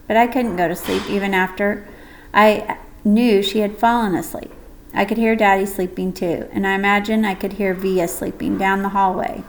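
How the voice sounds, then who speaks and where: A woman reading a first-person audiobook story in a gentle, measured way. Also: medium pitch, little pitch movement, slight background noise, poor audio. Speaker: audiobook narrator.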